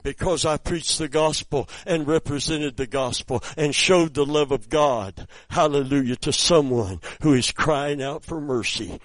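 A man preaching a sermon, telling a story softly and then rising into loud, high exclamations. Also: no room sound, rough recording.

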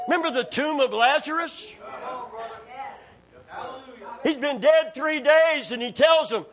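A preacher with an unusually high, bright voice delivers a sermon in a church. He calls out to the congregation for amens and builds from calm storytelling to fervent shouting. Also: unhurried. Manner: preaching with call-and-response, rising to shouts. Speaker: pastor. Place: church sanctuary.

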